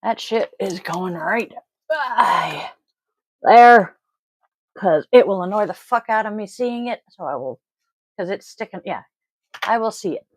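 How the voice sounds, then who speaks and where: A woman's voice: medium pitch, animated, unhurried, pauses often, no echo, poor audio. A woman hosting a daily tarot and oracle card reading, talking casually with blunt swearing and rambling asides. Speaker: tarot reader and host. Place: home, family audible off-mic.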